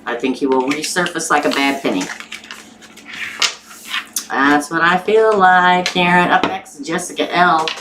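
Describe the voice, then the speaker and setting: A low-pitched woman with a Southern accent runs a live tarot reading, talking her way through each card in a chatty, think-aloud manner. She sits some distance from the microphone, so her voice sounds far off. Steady background noise and the shuffle of cards run underneath her. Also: unhurried, long pauses. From Missouri. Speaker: tarot reader.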